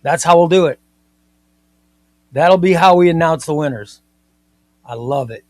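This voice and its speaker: A man hosting a comics live stream, chatting in an excitable, rambling way and often repeating himself. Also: on the high side, unhurried, no room sound. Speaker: comics livestream host. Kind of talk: casual live-stream chat.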